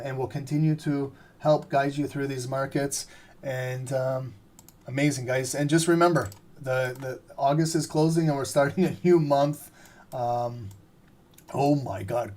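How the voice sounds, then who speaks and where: A man's voice: medium pitch, a little mellow. A man hosting a live trading stream in a loose, rambling way, full of fillers, while he is losing his voice. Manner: rambling, filler-heavy, chatty. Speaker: trading livestream host. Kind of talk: casual live-stream chat.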